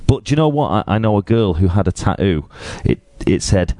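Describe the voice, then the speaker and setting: A man with a very low voice that swings widely in pitch. He reads quotes aloud in a slow, playful way during a casual podcast chat. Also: very animated, mellow, no echo, clean studio sound. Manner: playful, drawn-out delivery of quotes. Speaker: podcast co-host.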